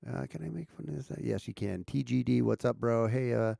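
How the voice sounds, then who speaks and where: A man's voice: mid-range voice, brisk, vocal fry, dark tone, no echo, clean studio sound. An American man hosting a casual livestream, chatting loosely and reading viewers' comments with frequent restarts and chuckles. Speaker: livestream host.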